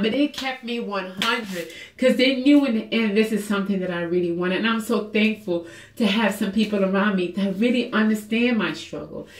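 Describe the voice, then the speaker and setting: A woman's voice: medium pitch, normal speed. A woman talking candidly and emotionally in a personal fitness vlog, earnest and confessional, with many fillers. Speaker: fitness vlogger. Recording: echoey room.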